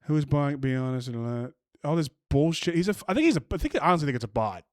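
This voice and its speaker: Talking very fast in a fairly high, sing-song voice, a streamer tears into online posts with crude, angry mockery and keeps restarting sentences. The sound is clean studio audio with no echo.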